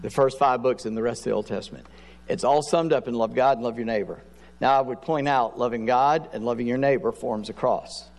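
A male pastor giving a sermon in a conversational preaching manner, with quick asides to his listeners. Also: medium pitch, a little mellow, long reverb tail.

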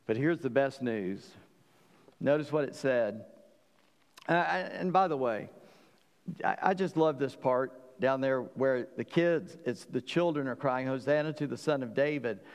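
A man's voice: mid-range voice, unhurried, in a large hall. A man preaching a sermon as pastor. He talks earnestly, often stumbles and restarts, and builds to emphatic peaks.

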